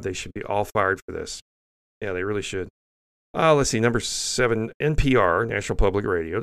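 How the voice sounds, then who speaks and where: A man's voice: fairly low pitch, fairly bright tone, clear, resonant tone. An older man hosting an opinionated news commentary show, blunt and scornful, often restarting sentences with fillers.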